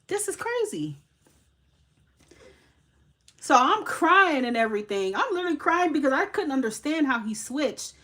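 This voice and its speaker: Brief: young woman, Haitian background, fairly high voice, animated and profane live-stream storyteller. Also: a little fast, hardly any pauses. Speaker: tarot reader hosting a live stream.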